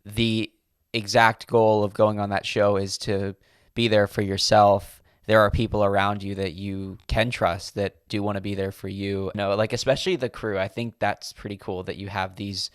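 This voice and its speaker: A man hosting a podcast, chatting in a relaxed way and reacting to his guest with short interjections. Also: fairly low pitch, moderate pace, clean tone, no room sound, studio quality. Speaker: podcast host. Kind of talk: casual chat.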